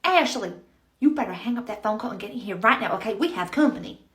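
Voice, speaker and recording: A woman playing a loud, bossy Southern American nursery manager with a slow drawl, in a roomy-sounding space. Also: high voice.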